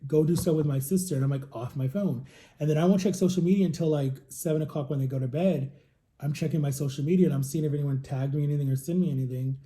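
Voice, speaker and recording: Rambling man with a very mellow voice. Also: fairly high pitch. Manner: rambling, chatty, lots of fillers. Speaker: vlogger. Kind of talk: casual rambling storytelling.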